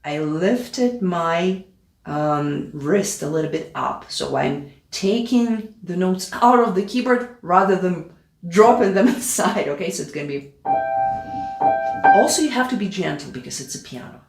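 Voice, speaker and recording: A woman's voice: lowish voice, expressive, unhurried. A woman teaching a piano piece, counting beats aloud and checking in with her student. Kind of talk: play-along piano tutorial. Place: room with a piano. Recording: echoey room with loud piano. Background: piano playing.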